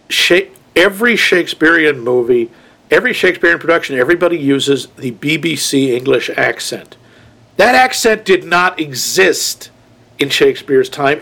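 A man's voice: on the high side, vocal fry, a bit bright. Chatty man co-hosting a movie podcast. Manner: chatty, jokey, breaks into silly voices. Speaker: podcast co-host. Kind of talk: casual movie podcast chat.

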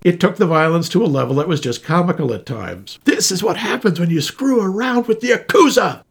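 A man's voice: high voice, expressive, fairly quick, creaky, breathy edge. A man hosting a casual movie podcast, reading listener comments with wry, joking asides. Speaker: podcast host.

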